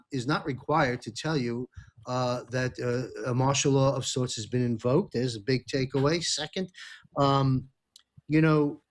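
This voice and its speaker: A man hosting a panel discussion, talking haltingly with many pauses. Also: mid-range voice. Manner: halting, many fillers and restarts. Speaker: show host.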